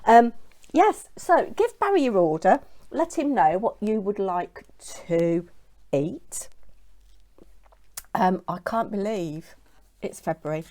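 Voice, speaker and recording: A woman's voice: medium pitch, very animated, slow pace, pauses often, dark tone. A woman with a British accent, hosting a craft channel and chatting casually to camera at home. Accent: British English. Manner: chatty, bubbly, talking while eating.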